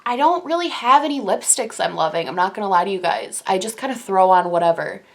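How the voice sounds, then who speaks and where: A young woman casually reviewing the makeup she loves, gushing in quick, animated bursts of enthusiasm. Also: mid-range voice. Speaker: beauty YouTuber.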